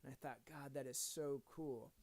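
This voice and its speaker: A man's voice: mid-range voice, steady tone, normal speed, darkish tone. A man in his thirties or forties, a father, giving a casual devotional talk in an earnest storytelling manner with joking asides. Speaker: Christian video speaker.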